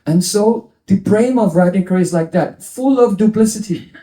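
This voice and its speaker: A man teaches a devotional lecture in a high, mellow voice, explaining scripture terms and dropping playful asides. His voice rings with the echo of a roomy hall. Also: normal speed. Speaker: spiritual teacher.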